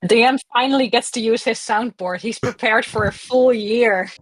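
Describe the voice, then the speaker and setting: A woman's voice: fairly high pitch, normal speed, a little hiss or hum. A woman playing in a tabletop game, making wry, joking remarks. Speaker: player. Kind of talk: casual tabletop play.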